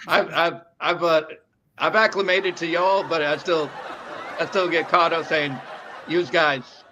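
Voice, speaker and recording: A man's voice: on the high side, fairly even intonation, noisy background. Rambling New York man, dull lo-fi sound. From northeastern United States. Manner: rambling, halting, many restarts and fillers. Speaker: podcast producer and co-host. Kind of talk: casual interview chat.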